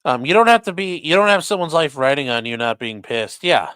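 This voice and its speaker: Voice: mid-range voice, lively intonation, a little fast, fairly bright tone, smooth, dry recording, clean studio sound. Blunt, profane defense attorney streamer. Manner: casual, blunt and profane, with frequent fillers. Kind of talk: livestream reaction, reading viewer chat aloud.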